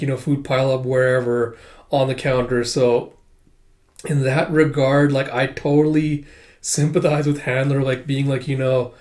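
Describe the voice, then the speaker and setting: A man's voice: medium pitch, darkish tone. A man giving casual commentary, rambling and full of fillers and restarts. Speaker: comic reader and commentator.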